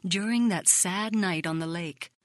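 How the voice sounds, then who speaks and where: A woman narrating a devotional book in a steady, measured reading voice that includes scripture citations. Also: fairly low pitch, no echo, clean studio sound. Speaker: audiobook reader.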